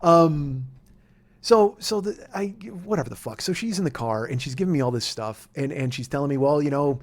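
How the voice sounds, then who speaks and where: A man's voice: a little high, moderate pace. A man in his forties hosting a podcast, telling a rambling, profane story in casual storytelling. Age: 40s. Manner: profane, rambling, gets worked up and shouty. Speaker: podcast host.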